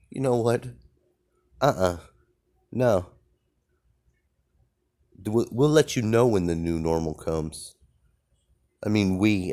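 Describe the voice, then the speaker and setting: A man's voice: sits low, measured pace, pauses often, warm tone. A man delivering a rambling, profane, defiant rant about strange experiences and his contempt for the mainstream. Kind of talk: ranting monologue.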